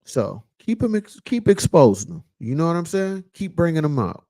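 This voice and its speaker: A man talks straight to his viewers in a casual commentary, his voice sitting a little high. He loosens things up with fillers and comes back to his key lines again and again like a sermon. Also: very animated, moderate pace, mellow. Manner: preachy, repeats lines for emphasis. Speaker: vlog host.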